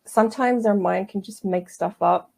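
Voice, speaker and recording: A woman massage therapist as an interview guest, explaining her methods calmly and gently. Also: mid-range voice, normal speed, gravelly. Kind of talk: interview conversation.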